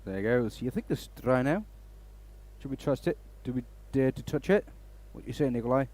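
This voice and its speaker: Male live-stream host, mid pitch, animated, chatty storyteller. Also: brisk. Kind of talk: casual live-stream chat.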